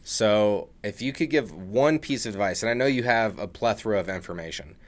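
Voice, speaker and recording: A man's voice: fairly low pitch, fairly quick. A man hosting a podcast, talking earnestly in a casual chat and often repeating words as he begins a sentence. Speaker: podcast host. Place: podcast studio at a table.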